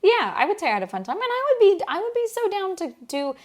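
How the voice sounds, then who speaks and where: A woman's voice: very high voice, very animated, fast talker. A woman telling her husband about a recent outing in a casual chat, rambling and restarting as she goes. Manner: chatty, rambling storyteller with many restarts. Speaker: co-host.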